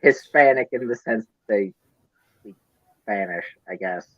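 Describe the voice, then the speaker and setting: A man's voice: on the low side, a little slow, husky, no room sound, highs cut off. A man with a Midwestern accent, co-hosting a casual podcast chat, rambling and swearing as he gets flustered. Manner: rambling, profane, flustered ranting. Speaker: podcast co-host.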